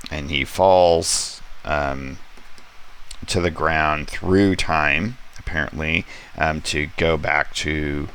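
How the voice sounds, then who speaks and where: A man's voice: rumbling low, vocal fry, a bit bright, slight background noise. A man casually reviewing a comic book from his home studio, rambling with many ums and light character quotes. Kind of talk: casual comic review, paging through an issue.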